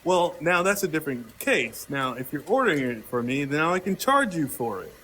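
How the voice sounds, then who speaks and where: High-pitched guy arguing hard, keeps cutting in, bit of noise behind. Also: sing-song, a little fast. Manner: interrupts, insistent, repeats himself. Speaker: host. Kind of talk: heated casual debate.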